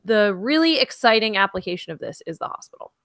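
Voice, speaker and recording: A woman's voice: mid-range voice, sing-song, fairly bright tone, no echo, studio quality. Eager woman chiming in on science chat. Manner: eager reactions and quick chiming in. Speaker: podcast co-host.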